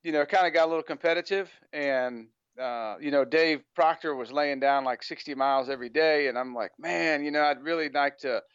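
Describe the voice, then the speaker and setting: Smooth, slightly high American man on a dull line. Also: a little fast, few pauses, fairly bright tone, no room sound. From United States. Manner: rambling, full of "you know" fillers. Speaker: podcast guest, ultrarunner. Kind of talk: casual interview chat.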